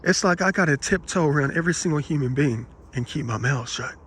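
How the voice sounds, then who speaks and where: A man vlogging, telling rambling personal anecdotes in an aggrieved, animated way and quoting the people in them. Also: on the high side, fast talker, a little hiss or hum. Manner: aggrieved, animated retelling with quoted dialogue.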